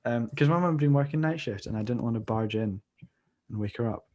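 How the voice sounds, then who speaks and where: A man's voice: medium pitch, fairly quick, a little mellow, lo-fi sound. A young Scottish man, a podcast co-host, telling a long rambling story in casual chat and acting out the people he quotes. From Scotland. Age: young adult.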